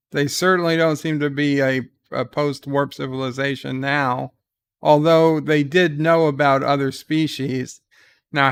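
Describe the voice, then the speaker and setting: A man giving casual live commentary on a TV episode, loosely recapping scenes and reading viewer chat questions aloud, thinking out loud as he answers. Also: a little high, smooth. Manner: thinks out loud with fillers and restarts.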